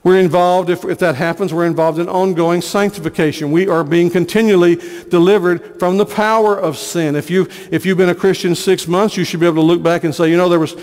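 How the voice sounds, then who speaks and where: A man's voice: high voice, steady tone, fairly quick, hardly any pauses, darkish tone, big-room sound. A man preaching a sermon as pastor, earnest, repeating phrases for emphasis. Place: church sanctuary.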